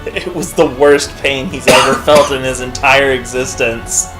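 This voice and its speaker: Guy dropping short dry comments, slow and swoopy, game music clearly playing under him. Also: mid-range voice, fairly even intonation, poor audio. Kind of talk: casual chat over gameplay.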